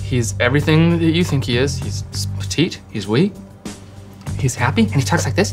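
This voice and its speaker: A man from Canada in his thirties, chatting as a guest in a casual interview and telling animated stories, often slipping into voices. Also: a little high, a little fast, music in the background. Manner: animated storyteller who slips into voices.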